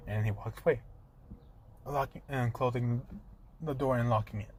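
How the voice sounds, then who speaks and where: A man narrates a fan story he is inventing on the spot, halting and restarting as he goes. His voice sits at an ordinary middle pitch, and a faint hiss runs under the recording. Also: little pitch movement, darkish tone. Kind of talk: improvised spoken fan story.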